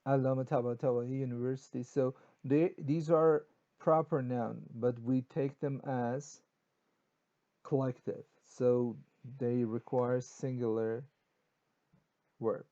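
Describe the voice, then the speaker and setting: Mellow-voiced man teaching grammar. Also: medium pitch, fairly even intonation, slow, dull audio. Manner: explains in short bursts with many okays and uh fillers. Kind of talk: classroom grammar lesson.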